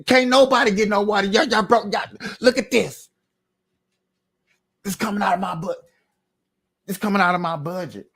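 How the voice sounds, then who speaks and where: A man putting on the voice of an exasperated male school principal, in a high, strained whine. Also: normal speed, gravelly, long pauses, fairly bright tone, husky, heavily acted.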